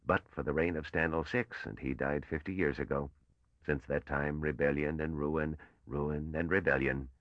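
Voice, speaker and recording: Man doing a bitter old male patrician, weary, slow, very deep voice, muffled sound. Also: fairly even intonation, no echo.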